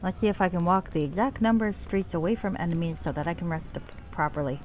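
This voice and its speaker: Woman streamer, lowish voice, dry sarcastic cursing, casual commentary. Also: fast, a little mellow, a little hiss or hum. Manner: wry and profane. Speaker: game streamer.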